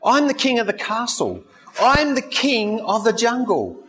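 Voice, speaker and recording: A man's voice: very high-pitched, wildly swooping pitch, measured pace, a bit bright, voice pushed up, full character voice, rough recording. A man voicing a proud, boastful male lion who calls himself king of the jungle, in a sermon story. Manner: boastful, strutting.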